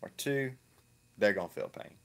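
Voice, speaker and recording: A man's voice: on the low side, lively intonation, normal speed, vocal fry, fairly bright tone. A man giving ranting reaction commentary, crude, profane and mocking, often repeating himself. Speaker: online video commentator.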